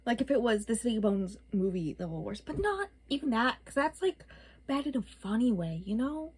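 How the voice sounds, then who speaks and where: A woman's voice: fairly high pitch, brisk, husky. A young woman vlogging a casual, exasperated book rant, with lots of "like" and "um". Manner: animated, exasperated, lots of filler words. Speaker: book reviewer.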